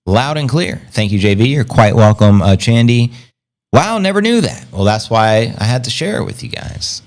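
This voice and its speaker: A man hosting a casual livestream, rambling upbeat and slangy, reading out viewer comments and giving shout-outs. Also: mid-range voice, lively intonation, normal speed. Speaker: crypto livestream host.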